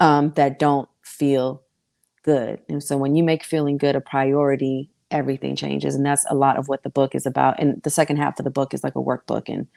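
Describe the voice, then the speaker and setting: A woman guest on a casual podcast, talking in an animated, profane way full of slang. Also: a bass voice, brisk, gravelly.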